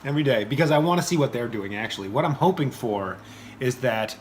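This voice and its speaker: A man's voice: mid-range voice, lively intonation, fast talker, slight background noise. A man co-hosting a vlog with his wife, chatting casually in a playful, earnest way. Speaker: vlog co-host, husband. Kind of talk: casual chat.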